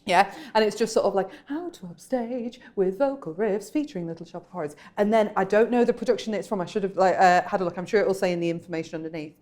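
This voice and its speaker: A woman co-hosting a casual chat podcast, animated and giggly, breaking into snatches of song, with her mic peaking when she gets loud. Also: medium pitch, quick pace, few pauses. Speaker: podcast co-host. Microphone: microphone peaking when loud.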